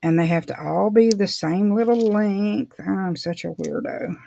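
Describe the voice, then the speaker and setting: A woman's voice: mid-range voice, measured pace, vocal fry, warm tone, a little hiss or hum. A middle-aged woman, chatting casually and rambling with frequent laughs while doing her nails for a vlog. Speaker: beauty vlogger. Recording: dull dry lo-fi sound.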